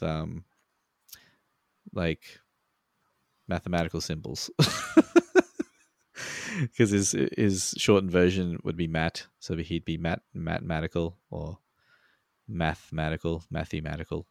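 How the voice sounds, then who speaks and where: A man's voice: low-pitched, flat delivery, a little slow, vocal fry, pauses often, dry recording, studio quality. A man co-hosting a podcast over a remote call, talking in a rambling, laid-back way and swearing freely. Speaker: podcast co-host. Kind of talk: casual podcast chat.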